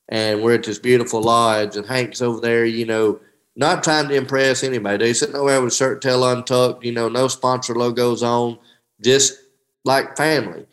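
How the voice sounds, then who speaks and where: A man's voice: mid-range voice, fairly bright tone, rough recording. A middle-aged man, a professional angler telling heartfelt stories in a casual interview, often saying "dude" and restarting his sentences.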